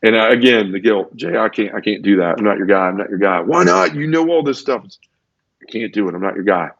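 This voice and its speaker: A man's voice: on the low side, lively intonation, a little fast, gravelly, a bit bright. A man telling the story of his conversion in an earnest, emotional testimony, often repeating words as he goes. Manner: earnest, repeats words, acts out quoted voices. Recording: dull lo-fi audio.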